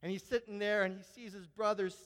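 A very high-pitched male preacher tells a story from the pulpit with animated energy, building to shouted peaks. His voice rings through a large hall with long reverb. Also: a little fast. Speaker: pastor. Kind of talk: sermon with personal story.

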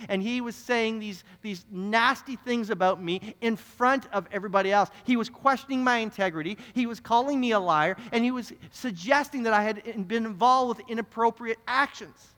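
A young man preaches from a church stage, telling a story in his sermon. His voice sits high and sounds bright and forceful, earnest and animated, often doubling back on his words. The sound carries a long reverb from the church hall. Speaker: pastor. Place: church sanctuary.

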